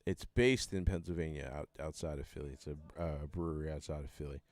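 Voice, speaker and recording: A man's voice: very deep voice, brisk, a little mellow, dry recording. A man chatting loosely on a livestream, rambling and joking with plenty of swearing. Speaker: band member hosting a live hangout. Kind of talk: casual livestream chat.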